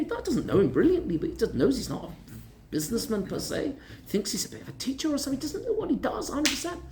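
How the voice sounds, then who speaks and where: A male rabbi telling a story in a lunchtime Torah class, animated and conversational. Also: high-pitched, slight background noise. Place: lecture room in Gibraltar.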